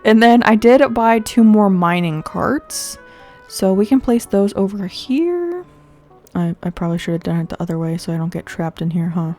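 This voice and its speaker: A woman's voice: mid-range voice, expressive, normal speed, darkish tone. Congested young woman chatting over game play. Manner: chatty, rambling, thinks aloud with fillers. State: congested, sniffling. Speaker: gaming video host. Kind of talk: casual gameplay commentary. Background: faint game music.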